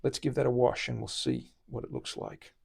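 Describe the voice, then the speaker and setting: A man's voice: mid-range voice, normal speed, vocal fry, breathy edge. A man with an Australian accent, a luthier host chatting casually through a live-stream demonstration in his guitar workshop. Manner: relaxed, chatty, explains while working.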